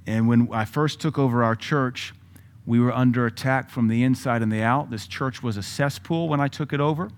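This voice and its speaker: A man's voice: medium pitch, normal speed. A middle-aged male pastor preaching a sermon, telling a personal story with laughs and sudden swings in volume.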